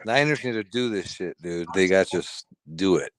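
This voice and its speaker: A man co-hosting a live podcast, animated and playful, laughing and teasing. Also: sits low, normal speed. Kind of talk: casual live-stream chat.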